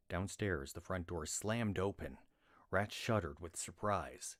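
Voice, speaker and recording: A man reading a novel aloud on a livestream in a slow, steady storytelling manner. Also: low-pitched, dry recording, clean studio sound. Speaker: reader.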